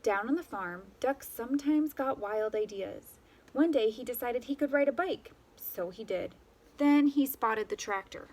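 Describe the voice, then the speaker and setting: A woman reading a picture book aloud to children, expressive and animated. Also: a little high, measured pace. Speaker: storyteller.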